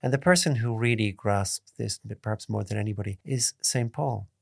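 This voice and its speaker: Low-voiced priest giving a calm meditation. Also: male voice, gravelly, dry recording, studio quality. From Ireland. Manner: calm, measured teaching tone with emphatic repetitions. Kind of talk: spoken meditation.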